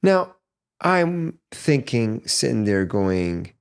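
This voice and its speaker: A man's voice: medium pitch, very animated, very slow, creaky, clean tone. A man hosting a podcast, telling a story in casual chat, earnest and stumbling over repeated words. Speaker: podcast host.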